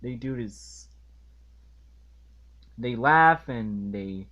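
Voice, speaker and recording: A man reviewing a cartoon episode in an indignant rant, halting and restarting as he talks. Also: medium pitch, lively intonation, dull audio. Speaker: video reviewer.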